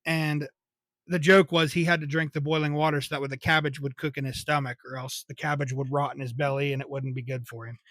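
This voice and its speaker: A man's voice: on the high side, flat delivery, fast, fairly bright tone, no echo. A young man, hosting a podcast and telling casual, rambling childhood stories with swearing and laughter. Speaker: podcast host. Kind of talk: casual solo storytelling.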